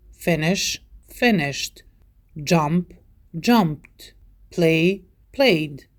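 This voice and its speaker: A woman narrating a scripted English grammar lesson, reading out verb forms in a measured, deliberate way. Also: fairly low pitch. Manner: measured, deliberate delivery of word lists. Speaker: English teacher.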